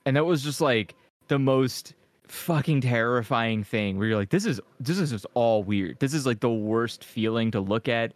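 A man chatting on a podcast, mid-pitched and laughing a lot as he riffs. He swears casually and keeps an animated, loose flow. The sound is dry and close. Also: moderate pace, no room sound. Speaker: podcast co-host. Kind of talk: casual chat.

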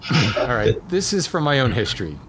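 Lively man quizzing guests, noisy line. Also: medium pitch, fairly quick. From Hawaii. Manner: playful, animated quizmaster reading riddles. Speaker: podcast host running a tree trivia quiz. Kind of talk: casual podcast chat.

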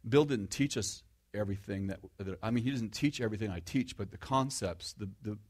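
This is a middle-aged man's conversational sermon, delivered briskly in a voice on the low side. He leans on self-deprecating humor, restarts often, and puts questions to the listeners.

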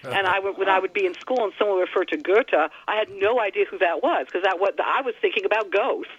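A man's voice: sits high, a little fast, fairly bright tone, slightly rough. A man chatting enthusiastically as a guest on a radio show, with a slightly rambling way of talking. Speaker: studio guest. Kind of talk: casual radio chat. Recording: slightly dull, dry radio sound.

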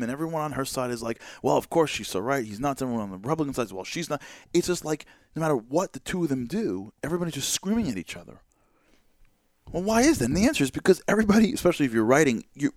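Male host, quick animated monologue, lots of rhetorical questions, dry close sound. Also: on the high side, no room sound. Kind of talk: casual talk-show monologue.

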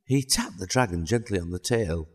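A man narrating a children's storybook in a calm, even way. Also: low-pitched, moderate pace.

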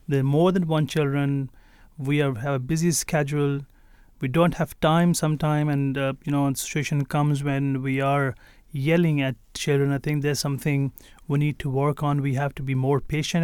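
Clear-voiced male co-host reflecting. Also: medium pitch, darkish tone, no room sound. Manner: reflective, hesitant, clears throat. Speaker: radio co-host. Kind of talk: radio talk commentary.

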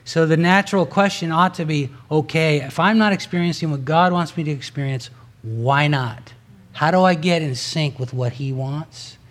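Male pastor, earnest sermon delivery, fairly high voice, climbs for emphasis. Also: moderate pace. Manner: earnest, rises in pitch and force for emphasis; conversational with asides and restarts.

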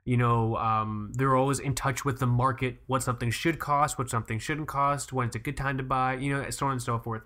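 A man's voice: medium pitch, steady tone, fairly quick, hardly any pauses, sharp tone. A young man co-hosting a podcast in casual chat, rambling with lots of fillers and cursing freely. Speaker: podcast co-host.

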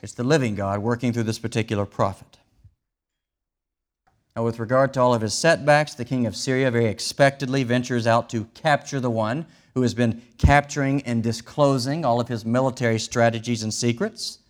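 A man's voice: medium pitch, fairly even intonation, fairly quick. A man preaching a sermon, explaining a scripture passage in a wry, conversational way with vivid retellings. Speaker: pastor.

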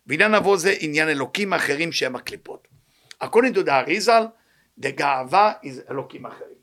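A man with a non-native English accent gives a Torah lesson at a brisk clip. His voice sits a little high, and his sentences tumble out quickly. He is fervent, full of rhetorical questions, and rattles off Hebrew text readings. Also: bright, forceful tone. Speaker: rabbi teaching a weekly lesson.

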